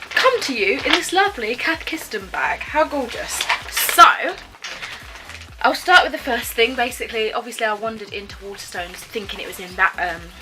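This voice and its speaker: Chatty British woman, bright voice. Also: medium pitch, rough recording. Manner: chatty and rambling, with frequent ums and self-corrections. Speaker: book vlogger. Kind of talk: casual vlog chat.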